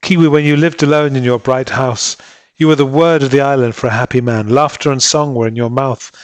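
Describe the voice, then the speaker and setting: A man's voice: medium pitch, dry recording, natural voice. A man reading aloud and voicing a devoted young island woman who pleads earnestly with her husband.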